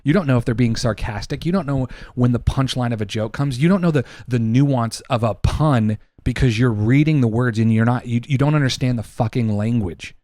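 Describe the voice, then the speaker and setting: A man's voice: mid-range voice, a little fast, hardly any pauses, mellow, dry recording. A man co-hosting a casual podcast, arguing heatedly and emphatically, with lots of swearing. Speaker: podcast co-host.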